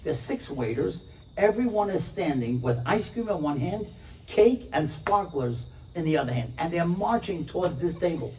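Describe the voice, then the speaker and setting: Man, rabbi, storytelling talk, animated, mellow voice, distant mic. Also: on the high side, moderate pace. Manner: animated, acts out the characters' lines. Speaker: rabbi, speaker. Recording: distant mic with faint room noise.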